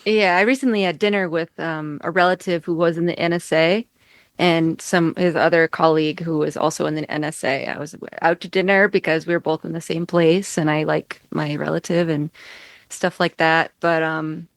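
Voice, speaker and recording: A woman's voice: sits low, steady tone, moderate pace, dry recording. A woman musician, a guest in a casual podcast chat, talking in a rambling way and filling her sentences with "like". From United States. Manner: rambling, heavy use of "like". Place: home in upstate New York.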